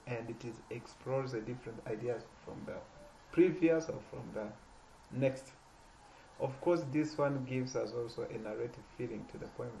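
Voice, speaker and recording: Halting man teaching a poetry lesson. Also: a little mellow, a little hiss or hum, poor audio. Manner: halting, repeats and restarts words, stresses words with rising pitch. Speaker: literature teacher.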